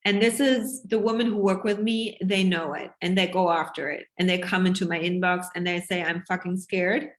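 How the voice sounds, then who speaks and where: A woman business coach giving a passionate, emphatic live sales pitch to her online group, swearing freely as she talks. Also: steady tone, fairly quick, hardly any pauses.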